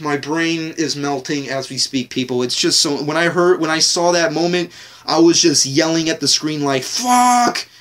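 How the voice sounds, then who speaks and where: A man giving an excitable, rambling TV episode review, swearing often and restarting his sentences. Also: on the high side. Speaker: TV show reviewer. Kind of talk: casual spoken review.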